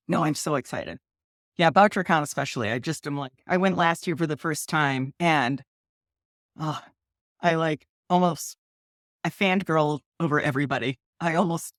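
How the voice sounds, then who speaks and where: A woman's voice: low-pitched, dry recording, clean studio sound. Bubbly woman from Ohio, laughing often. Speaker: author and podcast guest. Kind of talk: casual interview chat.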